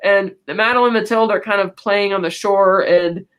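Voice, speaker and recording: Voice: medium pitch, steady tone, fairly bright tone, clear, resonant tone. Rambling podcast host recapping a film. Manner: rambling, retells scenes with quick quoted asides.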